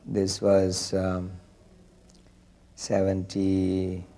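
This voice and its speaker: A man slowly recounting a memory in an interview, with deliberate pauses. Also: deep voice, completely flat delivery, dark tone. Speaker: devotee sharing memories. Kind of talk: slow storytelling interview.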